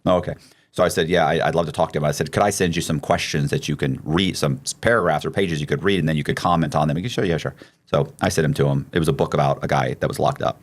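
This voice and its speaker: A man hosting a podcast, telling a long story in a loose, profane, animated way with many restarts. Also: extremely low pitch, quick pace. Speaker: podcast host. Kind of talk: casual storytelling.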